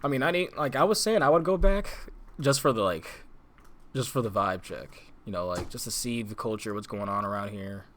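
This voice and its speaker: A man's voice: fairly low pitch, animated, a little fast, fairly bright tone, slight background noise. A young man co-hosting a casual podcast, rambling with lots of fillers, restarts and laughs. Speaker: podcast co-host. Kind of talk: casual chat.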